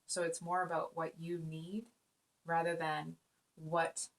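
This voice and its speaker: A woman's voice: deep voice, little pitch movement, slow. A woman giving a casual spoken tarot reading, earnest and rambling, with many fillers and restarts. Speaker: tarot reader.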